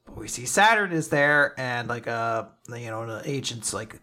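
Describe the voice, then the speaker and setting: A male podcast host recapping manga chapters in casual chat, animated and profane, laughing often. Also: mid-range voice, normal speed.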